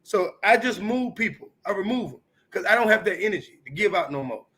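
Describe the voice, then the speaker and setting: A man in his fifties from Chicago, telling his life story on a podcast in an animated, profane, emphatic way. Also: high voice, a little fast. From Chicago, United States. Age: 50s. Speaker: comedian guest. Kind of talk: candid storytelling.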